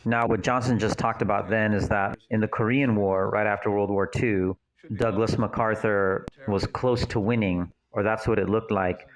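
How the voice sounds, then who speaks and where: Over a rough recording, the same slightly low-voiced man chats through a film at a normal speed in relaxed, unscripted commentary. He digresses often and thinks out loud as he goes.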